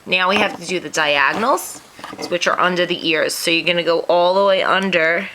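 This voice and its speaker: A woman's voice: fairly low pitch, normal speed, sharp tone, slight background noise, rough recording. A woman hosting a craft tutorial, walking through each step in a chatty, self-deprecating way while sniffling. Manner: chatty, self-deprecating, talks through her hands-on work.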